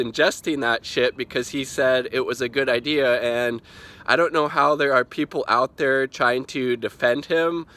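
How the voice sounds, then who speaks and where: Exasperated man, bright-toned, profane rambling commentary. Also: mid-range voice. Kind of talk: ranting video commentary.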